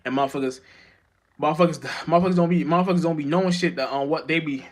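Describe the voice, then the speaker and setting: A man's voice: fairly high pitch, very fast. A man giving an unscripted spiritual monologue as a vlogger, rambling and profane, with many restarts and stammers.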